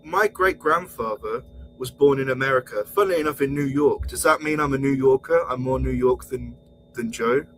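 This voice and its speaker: A man's voice: mid-range voice, moderate pace, slight background noise, low-quality recording. A man co-hosting a podcast, exasperated and heated, swearing as he rants. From England. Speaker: podcast co-host. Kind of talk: casual podcast rant.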